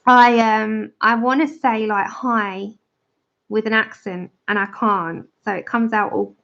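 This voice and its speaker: A woman's voice: on the high side, fairly even intonation, measured pace, vocal fry, a bit bright. A woman hosting a casual livestream, chatting and greeting viewers by name as she colours. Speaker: livestream host of a colouring channel. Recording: dull lo-fi stream audio.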